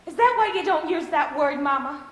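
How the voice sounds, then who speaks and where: Childlike, fragile grown daughter, played by a woman; very high, earnest and pleading, on a live theater stage. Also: animated, fairly quick, fairly bright tone. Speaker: stage actor. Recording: reverberant theater from far off.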